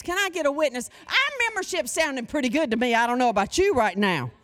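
Animated woman preacher in her sixties. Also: sits high. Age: 60s. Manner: animated, calls for audience response, folksy humor. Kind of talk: sermon.

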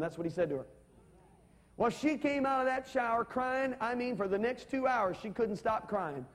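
A man's voice: very high-pitched, animated, moderate pace. A man preaching a sermon, emphatic and calling on the congregation for amens. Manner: emphatic, calls for amens and audience responses. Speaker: pastor. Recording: long reverb of a large hall.

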